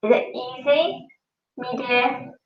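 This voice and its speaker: A woman teaches a classroom lesson at a slow, patient pace, saying each sound several times over. Her voice carries a gravelly edge. She is picked up from across an echoey room on a dull-sounding mic. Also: high voice, fairly even intonation, far from the mic, faint music behind. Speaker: Mandarin teacher. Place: school classroom.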